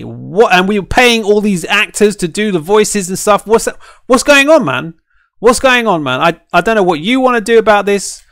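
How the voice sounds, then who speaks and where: A man with a high, lively voice that leaps around as he rants through a reaction stream. He keeps checking in with "right?" and sounds close and dry, with no room around him. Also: dry recording. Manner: animated, ranting, keeps asking "right?". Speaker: streamer and fighting game caster. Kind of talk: ranting reaction stream chat.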